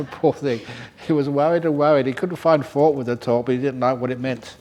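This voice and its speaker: An older man gives a Dharma talk to a retreat group. He tells stories with a light, joking touch and often breaks into chuckles. His voice sits at a moderate pitch. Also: steady tone, moderate pace, a little mellow. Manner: humorous storytelling, chuckles often. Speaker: meditation teacher. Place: retreat centre hall.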